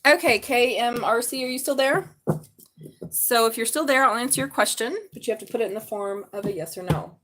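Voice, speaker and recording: A woman's voice: on the high side, fairly quick, fairly bright tone. A woman doing a live tarot reading, chatty and blunt, swearing and laughing as she talks. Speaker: tarot reader.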